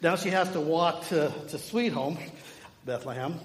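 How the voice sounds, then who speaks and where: A man with a high voice preaches in a loose, conversational way, slipping into little acted-out quotes as he goes. The sound rings around a big echoing hall with a long tail on every word. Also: measured pace. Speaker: pastor. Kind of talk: sermon.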